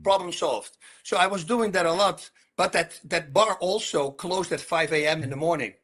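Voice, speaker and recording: A man in his sixties with a Dutch accent, a podcast guest telling stories animatedly, acting out dialogue and throwing in sound words. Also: moderate pace. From Netherlands. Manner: animated storyteller, acts out dialogue, sound words like boom and bonk. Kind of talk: storytelling interview.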